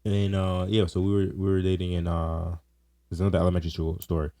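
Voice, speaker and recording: A young man with a very deep, low voice on a casual podcast. He teases and jokes, and laughs his way through his stories. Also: monotone, quick pace, dark tone, dry recording. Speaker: podcast co-host. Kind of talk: casual chat.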